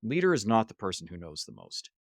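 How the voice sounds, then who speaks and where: A fast-talking man with a lowish, creaky voice tells a story as a podcast guest, discussing leadership workshops and animatedly acting out characters' voices. The casual interview happens in a hostel room; the recording is dry and clean like a studio.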